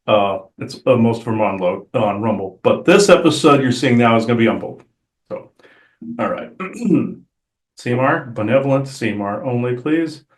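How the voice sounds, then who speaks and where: A man hosting and channeling, talking casually in a halting way with many restarts. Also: mid-range voice. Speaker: channeler and show host. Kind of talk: casual chat. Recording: roomy echo.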